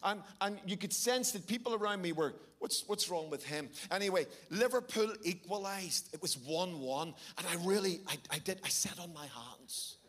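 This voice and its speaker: A middle-aged man with a Belfast accent, preaching a sermon and telling a lively story with shifting pace for emphasis. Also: high voice, moderate pace, hardly any pauses. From Northern Ireland. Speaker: pastor.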